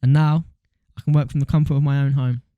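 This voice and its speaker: A young man, co-hosting a casual podcast chat in quick, slangy banter. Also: a little high, level tone, no echo, phone-quality sound. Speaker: podcast co-host.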